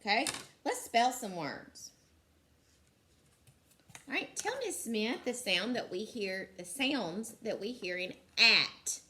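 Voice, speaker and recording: Slow, bright-voiced woman teacher. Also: on the high side, lively intonation. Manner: slow, clear sounding out of letters; encouraging. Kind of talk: recorded phonics lesson for young children.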